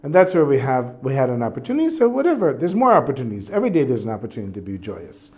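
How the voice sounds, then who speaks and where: A man teaching a class on a religious text, reading passages and translating them in a relaxed, conversational way. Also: mid-range voice, racing. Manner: casual, reads Hebrew passages then translates. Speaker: Torah teacher.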